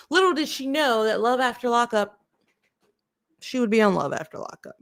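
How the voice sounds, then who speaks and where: A woman's voice: on the high side, unhurried, vocal fry, pauses often. A woman hosting a casual commentary stream, reading emails aloud and then questioning them in a chatty, direct way.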